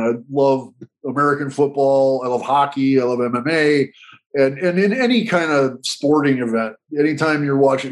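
A man's voice: on the high side, low-quality recording. Candid man telling his story. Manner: earnest, candid, frequent restarts and repetitions. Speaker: guest. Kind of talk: reflective storytelling.

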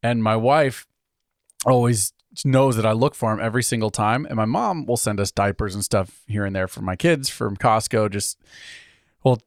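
A man's voice: fairly low pitch, moderate pace, dry recording, clean studio sound. A man in his thirties co-hosting a podcast in casual chat, rambling with frequent laughs and trailing off mid-sentence. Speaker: podcast co-host.

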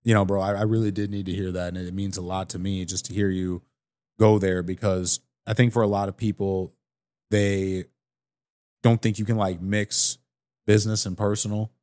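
A man hosting a casual podcast conversation in a barbershop, laid-back and earnest, quick to laugh. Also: deep voice, little pitch movement, a little mellow. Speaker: podcast host.

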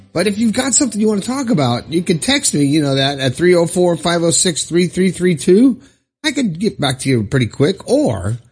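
A man hosting his own podcast, cheerful and encouraging as he gives shout-outs and reads listener letters. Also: fairly high pitch, breathy edge. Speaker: podcast host. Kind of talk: upbeat solo podcast talk.

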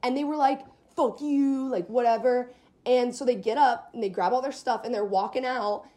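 Young woman, podcast host, mellow warm tone, lively storyteller, casual swearing. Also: on the high side, a little fast. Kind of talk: casual chat.

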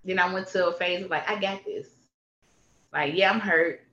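Bright, emphatic guest in a roomy room. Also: medium pitch, fairly quick. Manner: emphatic and animated, repeats phrases for punch. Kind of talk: candid personal conversation. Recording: roomy, slightly dull sound.

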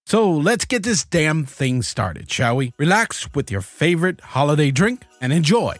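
A man's voice: fairly high pitch, very animated, moderate pace. A man hosting a comedy show, talking casually to listeners and explaining how he came up with his characters. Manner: chatty, explaining. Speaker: host.

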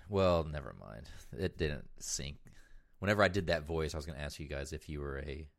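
A man's voice: very deep voice, brisk, vocal fry. A man co-hosting a podcast in loose, profane casual chat, laughing often. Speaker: podcast co-host.

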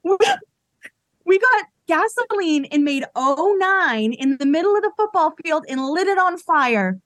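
A woman's voice: very high voice, expressive, a little slow, a bit bright, dry recording, clean studio sound. A woman in her thirties from Massachusetts, a podcast guest telling stories frankly in casual chat. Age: 30s.

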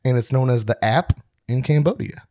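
A man's voice: medium pitch, moderate pace, a little mellow, no room sound, studio quality. A young man co-hosting a podcast in casual chat, rambling and poking fun at himself. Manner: rambling, self-mocking, laughs often. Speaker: podcast co-host.

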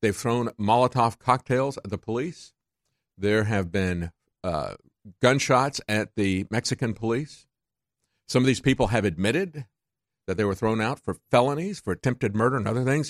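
Indignant talk radio host, animated pitch. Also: male voice, moderate pace, no echo, studio quality. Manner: combative, sarcastic, rising to indignant peaks.

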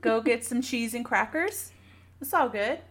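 A woman's voice: fairly high pitch, expressive, unhurried, fairly bright tone. A woman co-hosting a casual podcast, playful and teasing, laughing easily and reading listener reviews aloud. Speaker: podcast co-host.

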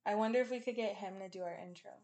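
A woman's voice: medium pitch, racing. A woman co-hosting a podcast, chatting casually and often laughing, jumping from topic to topic. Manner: giggly, animated, jumps between topics. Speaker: podcast co-host. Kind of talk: casual chat.

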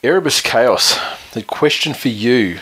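A man's voice: mid-range voice, lively intonation, unhurried, fairly bright tone, slightly rough. A man co-hosting a sports podcast, rambling and sweary in casual chat. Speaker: podcast co-host.

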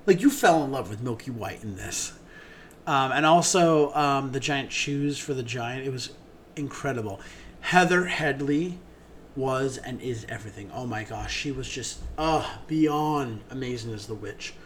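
A man's voice: mid-range voice, a little slow, a little hiss or hum. A man co-hosting a theater podcast, gushing enthusiastically about shows in casual chat, with many ums.

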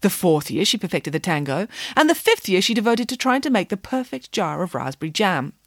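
A woman's voice: on the low side, big pitch swings, a little fast, dry recording, studio quality. A woman voicing a bossy, boastful female pig nanny with a confident, indignant way of telling stories. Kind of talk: audiobook character voice.

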